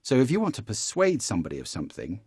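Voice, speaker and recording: With a husky voice and a fast delivery, this man acts as a voice coach in a spoken lesson, often altering his voice to animatedly show pitch shifts. It's studio quality, free of echo.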